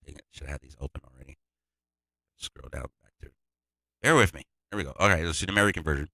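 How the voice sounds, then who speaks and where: A man with a very low, gravelly voice walks through his process in a casual, wandering way. His tone is bright and forward, and the sound is dry and close. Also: quick pace, no echo. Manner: loose, digressive explaining. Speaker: music producer. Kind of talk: casual tutorial walkthrough.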